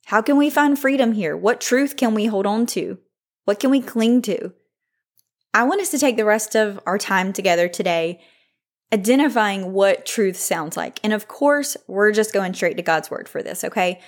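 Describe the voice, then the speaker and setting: A woman's voice: medium pitch, a little slow. A woman in her thirties hosting a faith-based podcast, talking in a candid, reflective way with frequent "like" fillers. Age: 30s. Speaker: podcast host.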